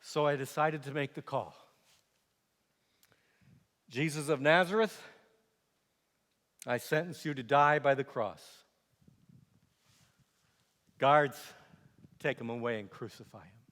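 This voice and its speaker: An actor playing a middle-aged Roman governor in a theatrical monologue, defensive and self-justifying, speaking in a slow, declamatory way. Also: male voice, mid-range voice, a bit bright, in a large hall. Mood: stern.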